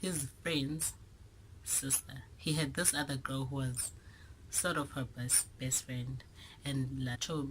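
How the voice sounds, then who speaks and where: A young South African woman telling a storytime vlog, animated and dramatic, with whispered asides. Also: extremely low pitch, slight background noise, poor audio. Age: young adult. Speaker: vlogger.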